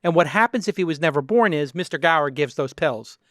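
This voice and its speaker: A man hosting a podcast interview, retelling a film scene as an animated storyteller. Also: a little high, fairly quick, dry recording, clean studio sound. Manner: animated storyteller, acts out quotes. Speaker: podcast host. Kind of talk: casual interview chat.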